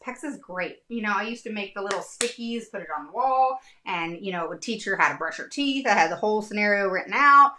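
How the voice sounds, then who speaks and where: A middle-aged woman explaining reading instruction to parents in a casual, animated talk, often checking in with "all right?". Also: medium pitch. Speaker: special education advocate.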